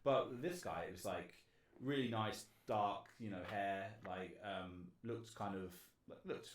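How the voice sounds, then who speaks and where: A man's voice: fairly low pitch, a little slow, roomy sound, a little hiss or hum. A man with an English accent chatting casually on a podcast, rambling and swearing, with many restarts. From England. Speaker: podcast co-host. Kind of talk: casual chat over drinks.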